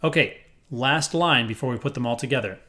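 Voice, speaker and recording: A man's voice: medium pitch, brisk, bright, forceful tone. Upbeat male music teacher who is a little corny and encouraging, walking students through rhythm counting. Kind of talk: rhythm lesson with counting aloud. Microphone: headphones on.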